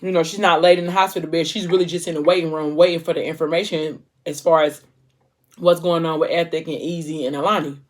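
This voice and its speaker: A woman book vlogger recaps a novel's plot casually, talking fast in a low voice, emotional and animated, with plenty of informal slang.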